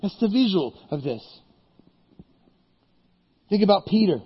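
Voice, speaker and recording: A man preaching a sermon as pastor, telling Bible stories in a lively way and acting out the characters. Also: sits high, unhurried, slightly rough, lo-fi sound.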